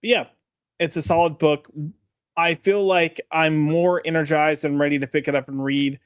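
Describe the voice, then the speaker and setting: A man co-hosting a casual comics podcast. His voice sits a little high and he rambles easily, with fillers and restarts. The sound is dry and close. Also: steady tone, normal speed, clean tone, no echo. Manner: easygoing, filler-heavy, restarts a lot. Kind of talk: casual chat.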